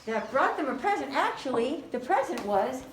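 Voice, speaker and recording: A woman's voice: sits high, sing-song, moderate pace, background noise. Sing-song woman teaching small children. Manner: gentle, sing-song prompting with praise. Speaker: preschool teacher. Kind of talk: leading a children's Christmas lesson. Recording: very echoey room, distant mic.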